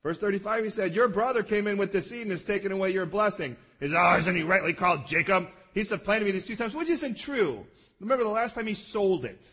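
A male pastor delivering a sermon, telling a story animatedly, acting out the characters and shouting their pleading lines. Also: high voice, animated, quick pace, husky. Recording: long reverb of a large hall.

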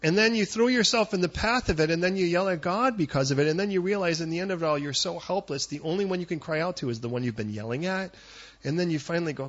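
A man's voice: fairly high pitch, a little fast, vocal fry, husky, lo-fi sound. A man preaching a sermon, telling a story and acting out what people said. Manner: animated storyteller acting out quotes. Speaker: pastor.

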